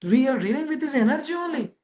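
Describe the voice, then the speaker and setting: A man's voice: very high-pitched, animated, fast talker, darkish tone, low-quality recording. A man gives a devotional scripture class over a video call. He keeps asking rhetorical questions and linking ideas with "that means.".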